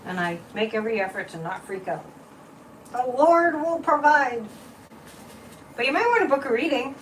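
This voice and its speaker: Chatty high-voiced woman, mic set back. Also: animated, moderate pace, far from the mic, a little hiss or hum, rough recording. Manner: chatty, repetitive, mocking, with frequent laughs. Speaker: psychic livestream host. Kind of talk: casual livestream chat.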